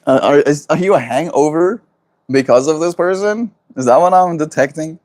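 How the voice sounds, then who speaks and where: A man's voice: fairly high pitch, moderate pace, a little mellow. A man from South Africa whose first language is Afrikaans, with an Afrikaans accent, chatting casually on a livestream. He reads viewers' messages aloud and answers them in a playful, talkative way, laughing often. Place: at home.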